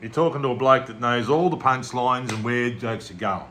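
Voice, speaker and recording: An Australian man co-hosting a podcast, cutting in with quick wisecracks and teasing jokes. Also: mid-range voice, sharp tone, slight background noise. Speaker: podcast co-host. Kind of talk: casual banter.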